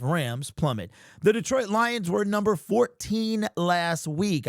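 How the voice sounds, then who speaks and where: A man hosting a sports fan vlog, talking in casual, animated commentary with slangy, emphatic exclamations. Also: fairly high pitch, dry recording, studio quality. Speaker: sports fan channel host.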